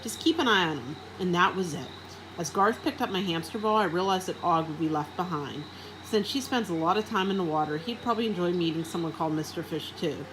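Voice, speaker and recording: A woman reading a children's storybook aloud in an expressive, animated first-person way. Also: lowish voice, fairly quick, background noise. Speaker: reader.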